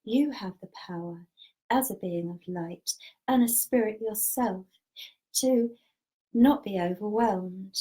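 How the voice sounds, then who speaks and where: Calm, earnest woman storyteller. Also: medium pitch, slow, low-quality recording. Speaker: spiritual teacher and medium. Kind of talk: spiritual storytelling talk.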